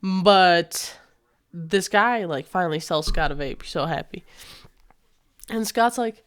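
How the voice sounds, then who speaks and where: A young woman tells a story to camera in a loose, chatty way, dropping slang and curse words as she goes. Her pitch jumps around a lot. She acts out the lines of the people in her story. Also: takes it slowly, smooth. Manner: animated, swears freely, slangy, acts out quoted dialogue. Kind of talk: casual storytime vlog.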